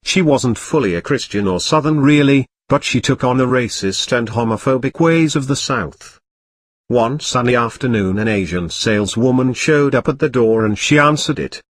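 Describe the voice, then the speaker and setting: A man narrating a scripted comedy story in a flat, matter-of-fact way. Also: mid-range voice, normal speed, dry recording.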